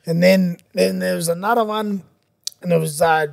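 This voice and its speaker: A veteran footy player talking easily on a podcast, laid-back with the odd chuckle. His voice is notably high, and the sound is close and dry. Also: steady tone, normal speed, gravelly, darkish tone, no room sound. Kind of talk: casual chat.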